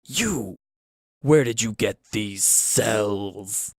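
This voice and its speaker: A man's voice: lowish voice, expressive, extremely slow, no room sound, clean studio sound, exaggerated voice. Man doing an irate, demanding male professor. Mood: indignant. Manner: indignant, demanding.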